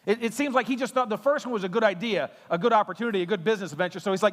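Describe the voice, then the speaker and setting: A man preaching a sermon as pastor in a church, talking conversationally and building to loud intensity. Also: sits high, rapid-fire, hardly any pauses, long reverb tail. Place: church auditorium.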